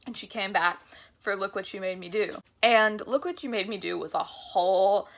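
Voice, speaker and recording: A woman's voice: mid-range voice, normal speed, creaky, a bit bright. A young woman vlogger telling a concert story in a chatty, gushing way, full of "like" fillers. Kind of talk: casual storytelling vlog.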